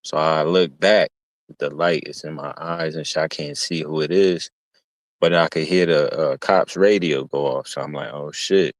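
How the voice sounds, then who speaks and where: A man with a deep, low voice telling a long story on stream. He talks in loose street slang, swears freely, and often restarts his sentences. The sound is dry and close. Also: steady tone, normal speed, no room sound. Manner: slangy, profane, meandering with restarts. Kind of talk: casual storytelling.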